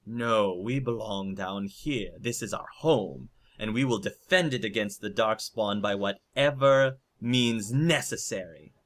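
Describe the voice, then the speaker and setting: A man voicing a massive, stern female golem queen with a booming, commanding voice. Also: measured pace, few pauses, close to an everyday voice.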